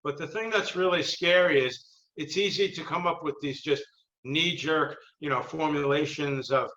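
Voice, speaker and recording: A man's voice: fairly high pitch, bright, forceful tone. Lawyerly male host in an echoey room. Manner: measured, lawyerly. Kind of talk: casual panel talk. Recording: echoey, dull-sounding room.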